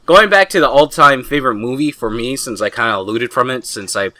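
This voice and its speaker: A young man co-hosting a podcast in casual chat, rambling excitably and swearing a lot. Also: mid-range voice, fairly quick, dry recording. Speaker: podcast co-host.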